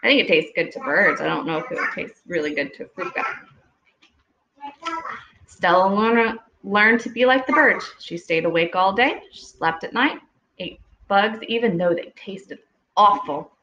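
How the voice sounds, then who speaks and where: A woman reading picture books aloud to young children at home, pausing gently to ask them questions. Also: mid-range voice, expressive, slight background noise. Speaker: storytime reader. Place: home room with children nearby. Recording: echoey room, dull lo-fi audio.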